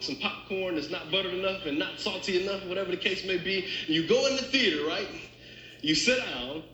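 A man preaching a sermon as pastor, telling humorous stories and speaking straight to the congregation in a lively, conversational way. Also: a little high, slight background noise. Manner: animated, conversational, addresses congregation directly. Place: church sanctuary. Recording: roomy church echo.

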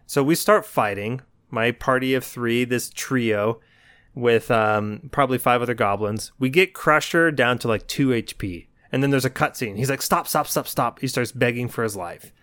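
A man co-hosting a podcast, telling an animated story in casual chat and acting out his own lines. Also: mid-range voice, moderate pace, smooth, no room sound, studio quality. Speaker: podcast co-host.

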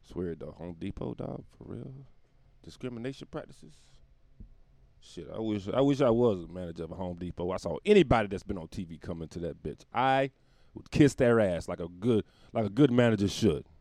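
A man's voice: fairly low pitch, animated, brisk, warm tone, dry recording. A man doing a rambling, profane comedic monologue and laughing at his own jokes.

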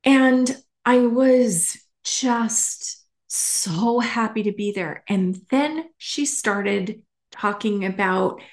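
A woman's voice: fairly high pitch, very slow. A woman hosting a solo podcast, talking in a candid, emphatic way and swearing casually. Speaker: podcast host.

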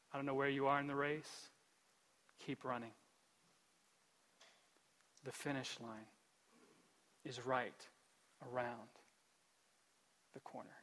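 A male pastor delivers a sermon in a church sanctuary, his voice high and sharply bright. He swings from soft, earnest pleading to loud, animated storytelling. A long hall reverb trails every phrase.

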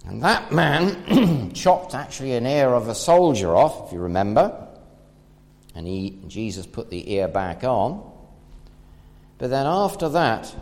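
A man preaches a sermon, retelling a Bible story with lively, animated pitch. His voice swings from loud to hushed as he tells it. The sound carries a long hall reverb. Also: measured pace.

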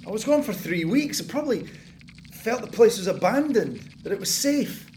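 A man's voice: high voice, expressive, moderate pace, a little hiss or hum. A man playing a paranoid sleepless tenant. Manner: muttering, taunting, paranoid, bursts into angry shouts. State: exhausted and sleepless. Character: paranoid sleepless male tenant, bitter and unraveling. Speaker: sleepless tenant hearing noises in the walls. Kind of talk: audio drama monologue.

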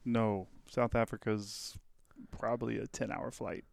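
A man's voice: fairly low pitch, steady tone, measured pace, vocal fry, no room sound, studio quality. A man guesting on a casual podcast, friendly and easygoing, chuckling often. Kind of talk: casual chat.

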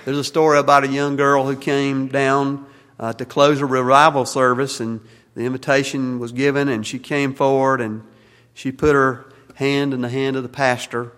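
A man's voice: medium pitch, little pitch movement, moderate pace, fairly bright tone, clean tone, long reverb tail. A man preaching as a Baptist pastor in a church, plainspoken and folksy, with fillers and restarts. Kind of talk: sermon and closing prayer. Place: church sanctuary.

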